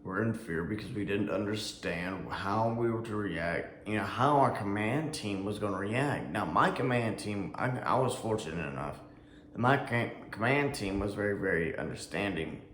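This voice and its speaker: An Army veteran vlogger casually rambles through a personal story, full of fillers, restarts and some swearing. His lowish, slightly bright voice is animated at a moderate pace, recorded in an echoey room with faint ambience and a little hiss or hum.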